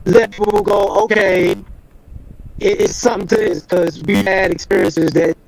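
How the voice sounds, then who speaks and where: A man's voice: high voice, moderate pace, creaky, crowd noise, low-quality recording. A man telling a personal story in a rambling, casual way over a video call with a choppy, broken-up connection. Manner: rambling, lots of fillers and restarts. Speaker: guest.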